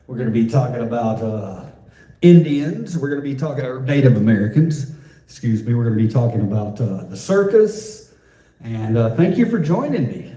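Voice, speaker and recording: A booming, hammy radio-DJ announcer welcoming an imagined crowd, as a man puts the voice on for a laugh. The tone is mellow and rounded, and it rings out through a large, echoing auditorium. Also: lively intonation, normal speed, close to an everyday voice. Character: mock male radio-DJ-style host announcer. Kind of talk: mock stage announcement. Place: large indoor museum auditorium. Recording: echoey auditorium.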